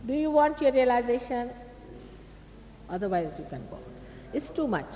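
Speaking in a fairly high, very animated voice with a dark tone at normal speed, a woman with an Indian accent delivers an emphatic spiritual talk in a large public hall. The spiritual teacher admonishes her audience and poses rhetorical questions. The old archive tape carries hall echo and a faint hiss.

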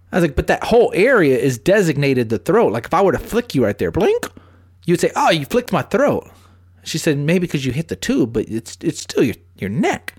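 A man hosting a podcast, telling stories in a crude, animated casual chat. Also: medium pitch, a little slow. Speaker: podcast host.

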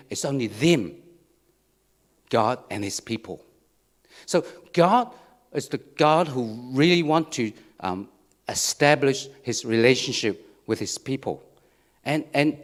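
Man, pastor, sermon, repeats words, asks "okay?" often, middle pitch. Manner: repetitive, restarts phrases, asks "okay?" and "right?".

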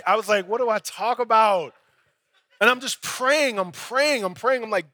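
Bright, high-voiced young preacher. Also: male voice, lively intonation, normal speed, dry recording. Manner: conversational storytelling preacher, acts out dialogue. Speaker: pastor. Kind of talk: sermon.

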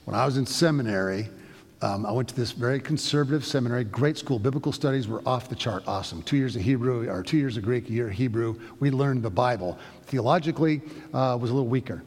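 A husky, gravelly middle-aged man giving a sermon as a pastor. He tells stories in a loose, conversational way, often restarting his sentences. His voice rings out with a long reverb, as in a large hall. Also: mid-range voice, fast, a little mellow. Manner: conversational storytelling with frequent restarts.

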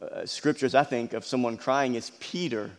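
A man's voice: mid-range voice, moderate pace. A man preaching a sermon as pastor, asking the congregation questions and often repeating his words. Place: church hall. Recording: long hall reverb.

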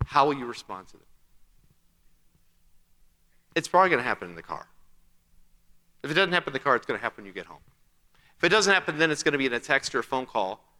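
A man's voice: mid-range voice, very animated, rapid-fire, pauses often, bright, forceful tone. A man preaching a sermon as pastor, talking conversationally, asking rhetorical questions and acting out quotes. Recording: long hall reverb.

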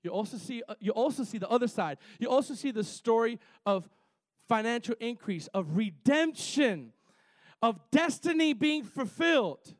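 A man's voice: very high voice, lively intonation, moderate pace, no echo. A male preacher delivering a fervent sermon to his church, repeating phrases and calling for amens.

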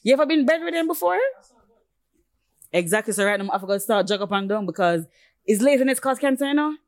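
Fast-talking young woman, dry close sound. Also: fairly high pitch, expressive, no echo. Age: 20s. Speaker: podcast co-host. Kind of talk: casual chat.

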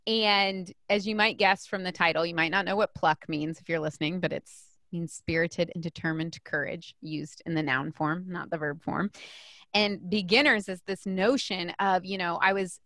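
A woman, an author and coach, talking as a guest in a casual interview in an energetic, emphatic way, often restarting her sentences. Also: fairly low pitch, no room sound, studio quality.

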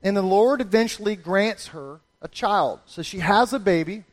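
A middle-aged male pastor preaching a sermon, animated and storytelling, slipping into playful voices for the people in the passage. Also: high voice, normal speed.

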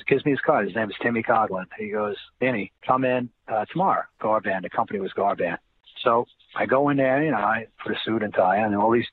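Rambling New man on a tinny line. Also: medium pitch. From New Jersey. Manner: rambling, repeats words, acts out quoted people. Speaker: interview guest, former basketball player. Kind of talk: casual storytelling. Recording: tinny phone-like line with faint noise.

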